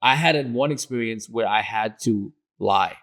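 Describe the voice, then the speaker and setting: A man's voice: on the low side, moderate pace. Young man telling studio stories. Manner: animated, laughs while telling anecdotes. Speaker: guest, music studio engineer. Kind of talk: casual storytelling.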